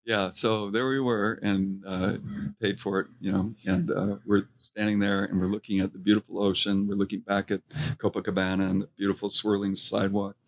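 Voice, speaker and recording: A middle-aged man telling stories from his restaurant career in a casual interview, animated and quoting people as he goes. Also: on the low side, fairly quick. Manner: animated anecdote-telling, acts out quotes. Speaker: restaurant co-owner, guest.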